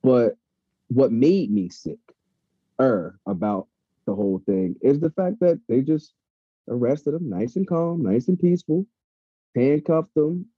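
A man's voice: medium pitch, expressive, unhurried, slightly rough, dry recording. A man talking casually and heatedly, swearing freely, as a podcast co-host. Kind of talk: casual chat. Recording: dull lo-fi sound.

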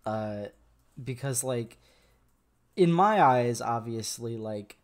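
Animated young American man chatting. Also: medium pitch, slow pace. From United States. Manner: animated, laughs often, trails off into fillers. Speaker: podcast co-host. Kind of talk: casual chat.

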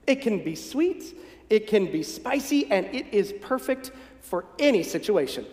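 In a church sanctuary whose echo trails off in a long reverb, a pastor from the northern United States talks his way through a conversational, folksy sermon with gentle humor. His fairly high male voice makes big pitch swings at a slightly slow pace.

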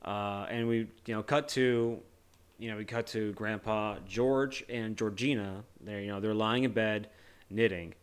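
A man's voice: lowish voice, steady tone, a little slow, clean tone. A man co-hosting a casual movie discussion podcast, rambling and joking loosely with many restarts. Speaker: podcast co-host.

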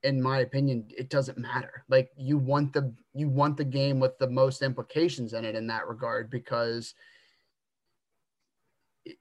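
A man's voice: medium pitch, level tone, moderate pace, darkish tone. A man co-hosting a casual sports podcast, rambling through his takes with lots of stammered restarts. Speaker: podcast co-host.

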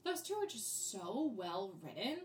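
A woman's voice: mid-range voice, big pitch swings, unhurried, a little hiss or hum. A young adult woman co-hosting a podcast in casual chat, giggling often and quoting lines in playful voices. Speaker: podcast co-host.

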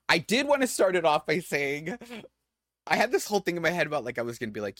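A man's voice: brisk, dry recording. Guy rambling thru a story on a podcast, lots of um and like, dead dry mic. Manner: chatty storyteller, lively swings in pitch, frequent fillers. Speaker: podcast co-host. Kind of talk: casual chat.

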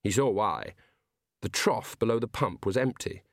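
A man reading a novel aloud as an audiobook narrator, in measured storytelling. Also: on the low side, no room sound, clean studio sound. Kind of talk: scripted narration.

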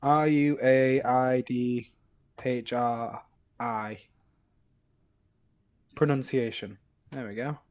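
A man's voice: mid-range voice, fairly even intonation, takes it slowly, pauses often, a little mellow, dull audio. A young man co-hosting a casual film podcast, teasing and joking with his partner. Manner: teasing, jokey, laughs often. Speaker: podcast co-host.

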